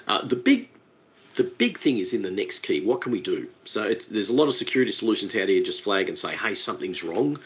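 In a dull, lo-fi recording typical of online meetings, a man with a very low voice presents a casual webinar. His delivery is relaxed and chatty, sprinkled with informal asides.

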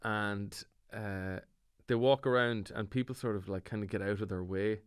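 An Irish comedian with a lowish voice, telling stories in a wry, self-deprecating way during casual chat. The sound is close and dry, like a podcast mic with no room around it. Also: male voice, normal speed, clean tone, no room sound. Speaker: comedian guest.

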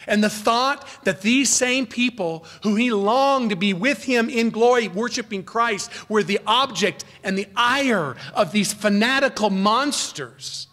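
A pastor earnestly preaches an expository sermon at a measured pace with hardly any pauses. His voice climbs in pitch and volume for emphasis, then sinks low and quiet, and now and then he corrects himself.

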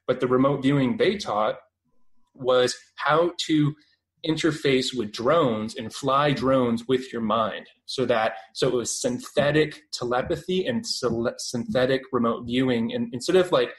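A man's voice: medium pitch, unhurried, rough recording. A man in his twenties with a Canadian accent, a guest in a casual radio interview, rambling and full of fillers and restarts. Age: 20s.

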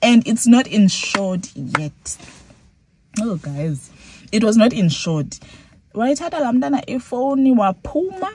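Fairly high-pitched and very animated yet unhurried, a young Xhosa-accented South African woman narrates a casual story for her vlog, blending English and Xhosa and acting out her reactions. Her tone is slightly mellow, with a little hiss or hum in the audio.

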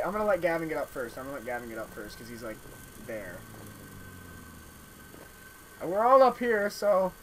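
Exasperated gamer guy, lively and loud. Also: sits high, poor audio. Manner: loud, exasperated, swears and yells at the game. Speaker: gaming channel host. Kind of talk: casual gameplay chat with friends. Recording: game noise behind voice.

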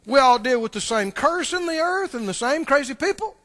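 High, lively-voiced preacher man. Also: fairly quick. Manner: emphatic, repetitive, direct address to congregation. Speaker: pastor. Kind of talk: sermon.

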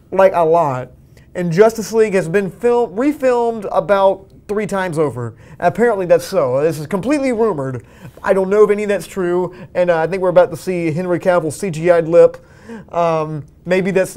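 High-voiced young man rambling. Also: darkish tone. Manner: rambling, filler-heavy. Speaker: podcast co-host. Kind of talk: casual chat.

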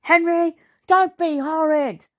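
A woman reading the lines of a bright, bossy storybook mother, chirpy and quick to scold. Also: mid-range voice, very animated, breathy edge, pitched above the performer's own voice.

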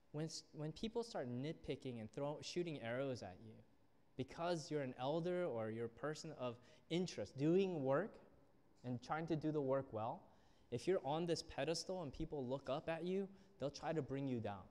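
A man's voice: mid-range voice, darkish tone. A young man preaching a sermon as a youth pastor, telling stories and acting out the people in them. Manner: storytelling, acts out quoted people. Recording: long reverb of a church hall.

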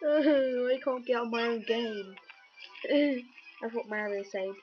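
A woman's voice: on the high side, normal speed, slight background noise. A woman giving casual, jokey, rambling let's-play commentary on a video game. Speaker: gameplay commentator. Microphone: webcam or computer mic. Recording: dull lo-fi recording with loud game music.

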